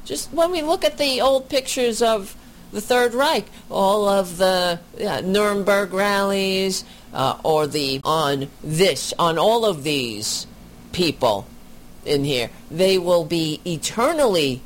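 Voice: mid-range voice, slow pace, slight background noise. A commentator reacting to a video, talking with indignant, sarcastic asides.

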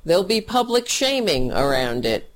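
A woman giving angry, scornful political commentary, often halting and repeating words as she rants. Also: lowish voice, very animated.

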